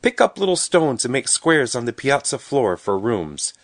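A man voicing a kind little girl who speaks gently and coaxingly. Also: medium pitch, sing-song, moderate pace, no room sound, clean studio sound, pitched above the performer's own voice. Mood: gentle, coaxing.

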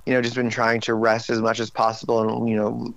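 A tired man in his forties chats casually, his voice slightly worn and strained. He jumps into lively, raised impressions of his own outbursts as he tells his stories. The sound is close and dry. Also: medium pitch, fast talker, vocal fry, no room sound, low-quality recording. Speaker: guest. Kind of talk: casual interview chat.

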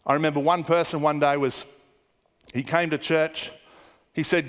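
A man preaching a sermon as a pastor, telling stories and dropping into hushed, muttered asides when he quotes people. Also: fairly high pitch, level tone, normal speed, in a large hall.

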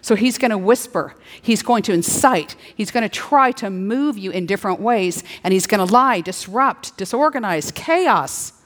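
A middle-aged woman preaching a sermon, playful and animated, slipping into little acted-out dialogues. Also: medium pitch, normal speed, hardly any pauses. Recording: long hall reverb.

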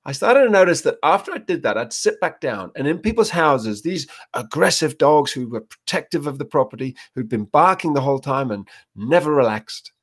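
A man's voice: fairly high pitch, big pitch swings, normal speed, few pauses, breathy edge. A man, a dog trainer being interviewed, telling stories and acting out little scenes. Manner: storytelling, acts out little quoted scenes. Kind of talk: casual interview talk.

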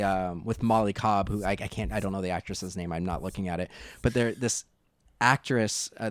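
A man co-hosting a podcast, chatting casually about shows and films in a rambling, animated way with many restarts. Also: fairly low pitch, dry recording, clean studio sound. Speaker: podcast co-host. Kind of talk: casual movie chat.

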